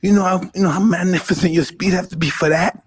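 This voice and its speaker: A man in his fifties talking intensely and emotionally, profane and halting, in a casual conversation. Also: high voice, fairly even intonation, slightly rough. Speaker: podcast host.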